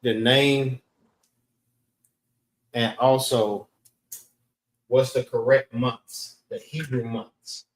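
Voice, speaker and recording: A man teaching a class in a slow, repeating way, often saying "all right" and sounding out words. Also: medium pitch, steady tone. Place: class room in a library. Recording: roomy echo, voice from far off the mic.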